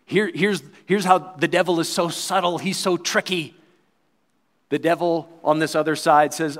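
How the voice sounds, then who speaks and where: A man preaching a sermon, quoting scripture and acting out voices, swinging between loud bursts and quiet asides. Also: on the high side, fairly even intonation, normal speed. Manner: acts out quoted voices and crowd replies.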